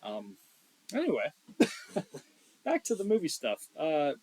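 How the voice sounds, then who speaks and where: A man's voice: on the high side, huge pitch swings, slow, poor audio. Blunt, profane young man on a podcast. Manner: blunt, profane, emphatic, swings between loud and quiet. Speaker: podcast co-host. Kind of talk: casual podcast chat.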